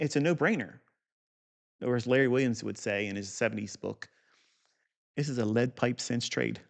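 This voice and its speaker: A man teaching trading setups off a chart in an unscripted, blunt and profane way, with boastful asides. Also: mid-range voice. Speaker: trading educator.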